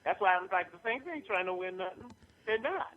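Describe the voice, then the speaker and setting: Male sports radio host, emphatic and excitable, slightly high pitch. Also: fairly quick, dull audio, a crowd in the background. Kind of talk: sports talk radio banter.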